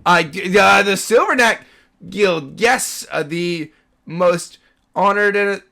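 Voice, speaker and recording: A man's voice: fairly high pitch, sing-song, takes it slowly, gravelly, fairly bright tone, pitched above the performer's own voice, full character voice. A man voicing a nervous male city gate guard who stammers and speaks overly formally. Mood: flustered.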